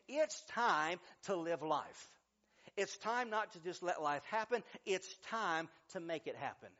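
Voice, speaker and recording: Emphatic high-voiced male pastor preaching. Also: fairly bright tone, lo-fi sound. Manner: preachy, emphatic, repeats key lines. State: stuffy from sinus trouble. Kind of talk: sermon.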